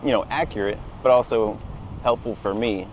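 Laid back guy, lowish voice, lots of restarts, walking outside w/ light traffic noise. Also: fairly even intonation, normal speed, lo-fi sound. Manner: easygoing, laughs often, hesitant restarts. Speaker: guest. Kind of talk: casual walk-and-talk chat. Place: outdoors on a street walk.

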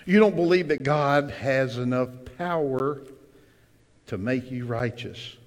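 A male pastor delivers a sermon at an unhurried, deliberate pace, punctuating it with loud bursts and quick questions to the congregation. His voice carries a long reverb from a church sanctuary. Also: mid-range voice. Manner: emphatic preacher with sudden loud cries and call-and-response asides.

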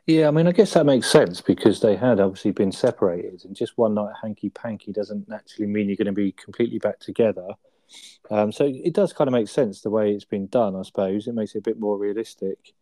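A man's voice: fairly low pitch, brisk, warm tone, no room sound. A man chatting casually on a podcast, laughing as he retells sitcom scenes and tagging on questions. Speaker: podcast co-host. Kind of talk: casual chat reviewing a sitcom episode.

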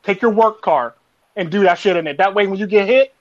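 A man's voice: sits high, a little fast. A man hosting a casual panel chat, slangy and laughing often. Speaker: show host. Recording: dull lo-fi audio.

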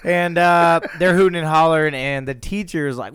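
A man telling a story in a casual chat, animated and laughing as he talks. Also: on the high side, normal speed, clean tone, no echo, studio quality.

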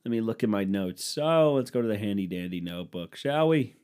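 A man's voice: lowish voice, animated, a little fast, darkish tone. A young man hosting a solo podcast, ranting sarcastically and crudely in a rambling way. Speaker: podcast host. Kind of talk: solo comedic rant.

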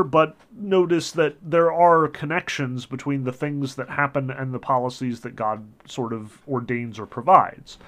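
A man's voice: on the high side, fairly bright tone. A male professor giving an informal lecture, talking casually with lots of "um" and "like" and correcting himself mid-sentence. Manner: casual, frequent "um" and "like" fillers, self-corrects mid-phrase.

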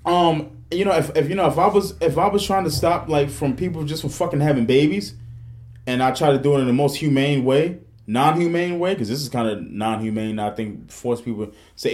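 A man, hosting a casual podcast and telling stories in a profane, animated way, full of restarts. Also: a little high, a little fast. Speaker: podcast host.

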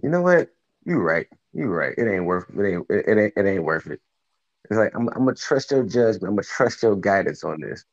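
A man's voice: lowish voice, sing-song, brisk. A man co-hosting a casual faith talk, musing aloud in rhetorical questions. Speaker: co-host. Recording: dull lo-fi sound.

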